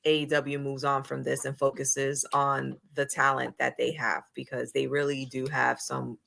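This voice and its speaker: A woman with a notably low voice hosts a casual wrestling talk show. She talks bluntly and swears freely, pressing her opinions with energy. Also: flat delivery, normal speed, creaky, fairly bright tone. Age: adult, married. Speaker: podcast host.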